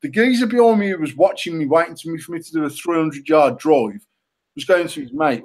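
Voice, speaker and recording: A middle-aged British man co-hosting a casual podcast, telling an animated, self-mocking story full of swearing. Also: fairly high pitch, a little fast. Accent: British English. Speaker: podcast co-host.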